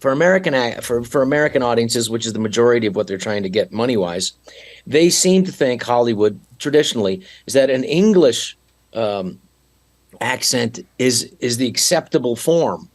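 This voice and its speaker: A man's voice: mid-range voice, lively intonation, normal speed. A man appearing as a podcast guest, explaining his views in an earnest, instructive way. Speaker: guest actor. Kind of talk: casual chat.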